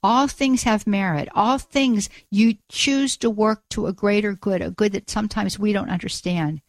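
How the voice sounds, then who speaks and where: A woman hosting a call-in radio show, praying aloud for a listener in an earnest, halting way and often repeating her words. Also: medium pitch, dry recording. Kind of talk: prayer and call-in radio talk.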